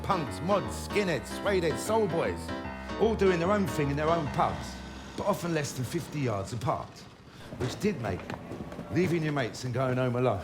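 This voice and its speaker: Cheeky middle-aged storyteller, slightly higher voice, comic monologue. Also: male voice. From London. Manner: wry, cheeky, conversational.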